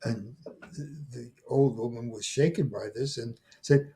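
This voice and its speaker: An elderly man in his eighties speaks slowly and haltingly as an interview guest, repeating words as he restarts his phrases. His voice is mellow and a little husky. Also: medium pitch. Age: 80s. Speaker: guest, folklore scholar. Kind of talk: conversational interview.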